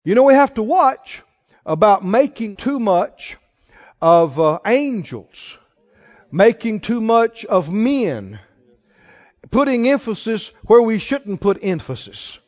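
A man's voice: sits high, sing-song, takes it slowly. A man preaching a sermon to a congregation, leading call-and-response and asking rising questions. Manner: rising, exhorting rhetorical questions. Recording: long hall reverb, dull lo-fi sound.

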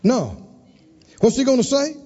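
Casting: emphatic man preaching, very high voice, echoing hall. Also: sing-song, a little slow, warm tone. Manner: emphatic, call-and-response, dramatic swings in pitch and volume. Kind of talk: sermon. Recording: dull recording with long hall reverb.

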